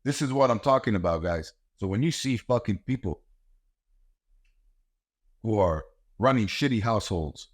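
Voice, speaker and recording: A man's voice: on the low side, animated, moderate pace, long pauses. A middle-aged man hosting a podcast, talking in a blunt, heated and profane monologue about raising kids. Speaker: podcast host and martial arts coach. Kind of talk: ranting monologue.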